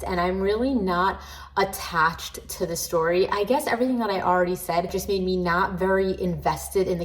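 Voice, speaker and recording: A woman book vlogger with a fairly low voice chats casually to camera on a rough recording. Her reading-vlog talk is frank and critical and peppered with "like".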